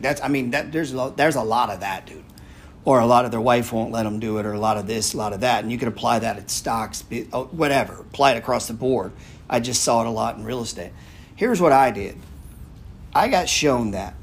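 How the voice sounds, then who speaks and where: A man's voice: mid-range voice, animated, a little fast. Blunt, rambling man with faint background noise. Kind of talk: casual talk. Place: live audio chat room.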